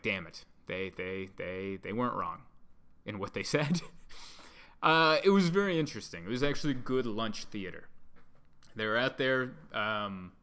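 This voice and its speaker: A man doing a stand-up comedy routine, telling a rambling deadpan story with restarts and asides. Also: medium pitch, clean tone. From United States.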